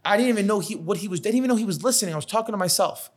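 Brief: thirties male business owner, sweary, animated raconteur, slightly high voice. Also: racing, hardly any pauses. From New York. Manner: profane, animated storytelling, acts out quotes. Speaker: catering business owner, podcast guest. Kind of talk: casual podcast conversation.

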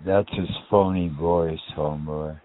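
A man with a very low voice, arguing scornfully on a chat line. The sound is thin and phone-like. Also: fairly even intonation, unhurried, slight background noise. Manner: hostile, scornful.

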